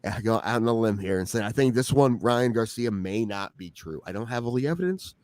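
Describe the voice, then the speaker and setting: A man's voice: fairly low pitch, expressive, a little fast, darkish tone, dry recording. A man, co-hosting a podcast, talking loosely and joking, swearing freely. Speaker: podcast co-host. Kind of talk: casual chat.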